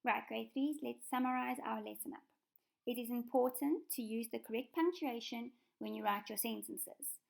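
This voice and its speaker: A woman walks young children through a recorded lesson in a patient, clear instructional tone. Her voice carries heavy vocal fry and sits slightly high. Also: normal speed. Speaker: primary school teacher.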